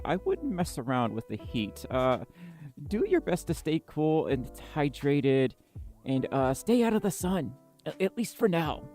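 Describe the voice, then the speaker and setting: A woman hosting a livestream, chatting casually with her viewers. She sounds tired and scattered but laughs often, and her pitch swings a lot. Faint music plays underneath. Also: a little mellow. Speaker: livestream host.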